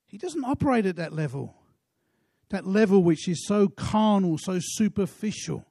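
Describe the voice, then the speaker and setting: High-voiced man preaching. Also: animated, moderate pace, vocal fry, mellow, husky, no echo, clean studio sound. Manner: earnest preaching with rhetorical questions. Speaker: pastor. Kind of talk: sermon.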